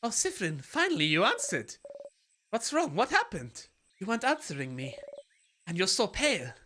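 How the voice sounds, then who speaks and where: A streamer voicing Mirabelle, a kind and worried young woman, reading game dialogue in a high, anxious voice. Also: huge pitch swings, moderate pace, pushed and bright, slight background noise. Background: game music.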